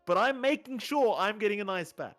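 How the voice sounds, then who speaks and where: An Australian man co-hosting a podcast, telling stories in a casual, animated way with frequent swearing. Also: high-pitched, fairly quick, soft background music. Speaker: podcast co-host. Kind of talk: casual chat.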